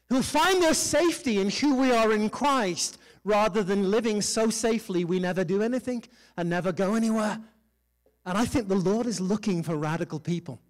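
Animated high-voiced male preacher. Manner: animated preaching with call-and-response and self-deprecating humor. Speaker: pastor. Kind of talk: sermon. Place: church.

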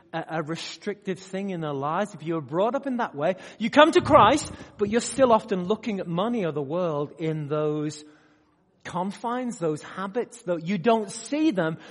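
A man preaching a sermon to a live audience, swinging between loud emphatic bursts and quiet asides and often putting questions to the room. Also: sits high. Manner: asks the audience direct questions. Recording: long hall reverb.

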